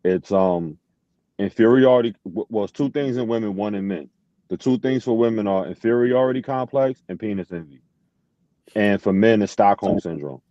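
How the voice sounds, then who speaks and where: A man's voice: lowish voice, normal speed, warm tone, no room sound. A man speaking in casual podcast chat, confident, with stuttering restarts, heard over dull lo-fi call audio.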